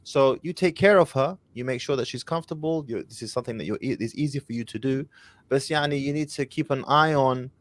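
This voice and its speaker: A man's voice: mid-range voice, fairly quick, no echo. A man hosting an advice call-in show, speaking confidently and directly, with Arabic phrases mixed in. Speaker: host.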